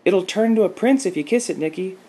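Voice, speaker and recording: A man doing a high-voiced little girl. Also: lively intonation, fast, dark tone, slightly rough, exaggerated voice. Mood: earnest. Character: little girl of six, a child swimmer.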